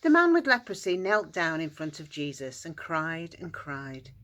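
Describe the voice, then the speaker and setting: A woman telling a Bible story to primary school children in an expressive storytelling voice. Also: normal speed, lo-fi sound. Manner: expressive, shifts into squeaky character voices and shouts.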